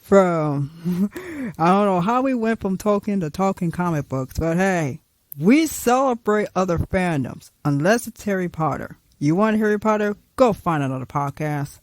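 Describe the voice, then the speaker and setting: A woman hosting a podcast, telling a story in a playful, animated way. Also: fairly low pitch, a little slow, no echo. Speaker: podcast host. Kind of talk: casual storytelling.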